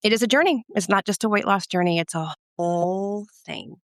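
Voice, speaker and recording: A woman co-hosting a podcast in a relaxed, loose way, with a mixed Southern and Midwestern American accent. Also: mid-range voice, brisk, no echo, studio quality. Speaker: podcast co-host. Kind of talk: casual podcast chat.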